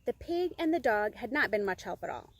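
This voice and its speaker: Expressive woman reading to children. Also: fairly high pitch, fairly quick. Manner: bright, expressive storyteller talking to kids. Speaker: children's storytime reader. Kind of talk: reading a picture book aloud to children. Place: outdoors among singing birds.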